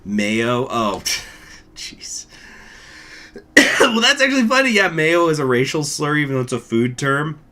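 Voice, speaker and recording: A man's voice: on the high side, very animated, measured pace, pushed and bright. A man hosting a gaming channel, chatting casually and rambling to his viewers in an offhand, profane way. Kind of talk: casual chat to live viewers.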